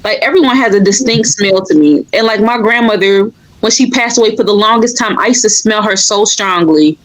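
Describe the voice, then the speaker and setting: A woman with an ordinary mid-pitched voice, talking as a medium on a podcast. She speaks earnestly and casually, dropping "like" into her sentences. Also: a little fast, low-quality recording. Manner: earnest, leans on "like" as a filler.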